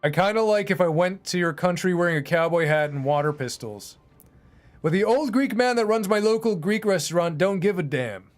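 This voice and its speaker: A man giving rambling, sarcastic let's-play commentary, breaking into yells at the game. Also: sits high, lively intonation, fairly quick, soft background music. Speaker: gaming YouTuber.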